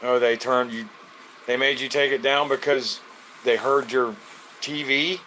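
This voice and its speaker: A man's voice: mid-range voice, steady tone, unhurried, sharp tone, a little hiss or hum. A man, from Florida, hosting a casual live stream, greeting viewers by name in a loose, joking way.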